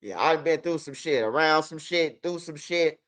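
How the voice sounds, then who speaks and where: A man from Chicago with a Chicago accent, telling street stories casually in an animated, profane way and acting out what others said. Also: on the high side, moderate pace. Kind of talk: casual storytelling.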